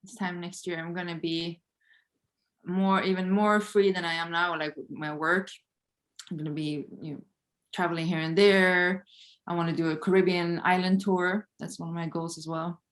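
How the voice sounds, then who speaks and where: A woman's voice: on the low side, steady tone, normal speed. A woman as a podcast guest, talking in an easygoing, casual way. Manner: easygoing, many "like" fillers. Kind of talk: casual interview.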